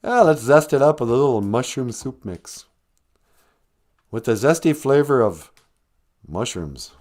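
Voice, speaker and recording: A man's voice: medium pitch, animated, a little slow, darkish tone, lightly acted. A man putting on a fussy adult diner with a Minnesotan accent who finds mild food too spicy, talking in a sing-song way.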